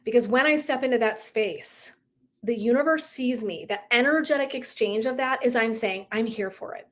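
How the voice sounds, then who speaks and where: A woman's voice: on the high side, moderate pace. A middle-aged woman coach talking casually and earnestly on a livestream, full of "like" and "right?". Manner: chatty, heavy use of "like", earnest and emotive. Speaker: wellness coach.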